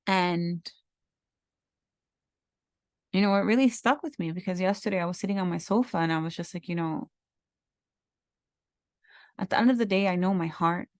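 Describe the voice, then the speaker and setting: A woman in her thirties hosts a podcast, reflecting personally in an earnest, heartfelt, rambling way and repeating herself. Her voice is fairly low, her pace moderate, and she pauses often. The sound is clean studio audio with no echo.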